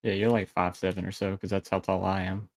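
A man's voice: deep voice, flat delivery, fairly quick, a little mellow, dry recording. A young man in casual podcast chat with friends, laid-back, giving short blunt replies and swearing. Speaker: podcast co-host.

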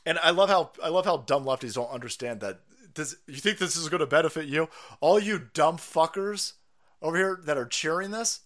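A man's voice: on the high side, fairly quick, a bit bright. A man ranting on a live stream, sarcastic and profane, who often laughs at his own jokes. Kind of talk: profane political rant.

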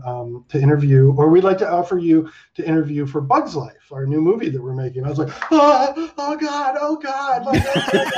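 A man around fifty, a guest in a casual interview, telling stories in an animated way, swearing and laughing, with lots of "like". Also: fairly high pitch. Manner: animated, swearing storyteller full of likes and laughs. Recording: dull lo-fi sound.

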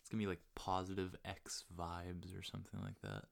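Low-voiced laid-back young man. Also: very animated, brisk, gravelly. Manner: laid-back, self-mocking, swears freely. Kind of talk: casual chat.

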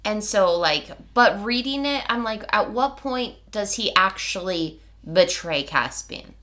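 A woman co-hosting a book podcast in casual chat, animated, with lots of "like" and quick restarts. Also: medium pitch. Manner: animated, fills speech with "like", restarts often.

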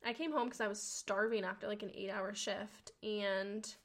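A young adult woman hosting a podcast, telling a personal story in a chatty, slangy, animated way and swearing now and then. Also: normal speed. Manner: chatty and animated, slangy, swears, acts out quotes with big pitch jumps. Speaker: podcast host. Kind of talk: casual storytelling monologue.

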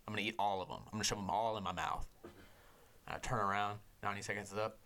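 A young man, a podcast host, telling a casual, profane story with lots of energy and sometimes dropping to a hushed voice. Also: fairly low pitch, fast. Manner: profane, animated storyteller who drops to a hushed voice for inner thoughts.

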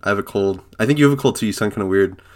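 A young man with a cold, co-hosting a casual comedy podcast and joking in a deadpan way. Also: on the low side, very fast. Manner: joking, deadpan, swears a lot. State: has a cold. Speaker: podcast co-host.

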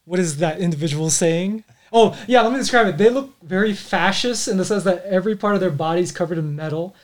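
A man's voice: sits high, quick pace. Guy running a tabletop game, descriptive and playful. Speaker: game master.

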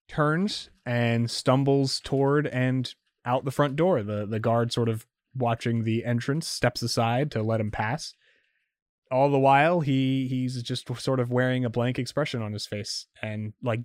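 A man's voice: mid-range voice, dry recording, studio quality. A man narrating as game master for a tabletop game, rambling with many fillers and restarts.

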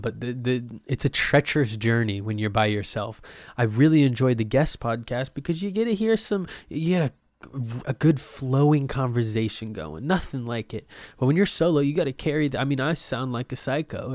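A young man talks to himself at his desk for a solo podcast, rambling from one thought to the next and joking about himself. His voice sits in an ordinary middle range, and it jumps between loud bursts and low mutters. The sound is dry and close, with hardly any room around it. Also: a little fast, creaky, dry recording. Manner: rambling, joking and self-mocking, with sudden loud bursts and mumbled asides. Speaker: podcast host. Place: at a desk at home.

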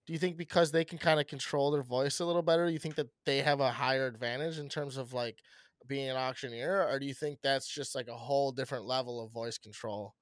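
A man's voice: medium pitch, fairly even intonation, fast, no echo, clean studio sound. A young man co-hosting a casual podcast chat, rambling and swearing freely with frequent laughs. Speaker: podcast co-host.

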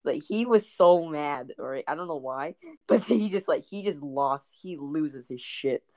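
Low-voiced woman rambling casually. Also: animated, measured pace, darkish tone, no echo, clean studio sound. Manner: rambling, lots of fillers and giggles. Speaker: podcast co-host. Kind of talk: casual chat.

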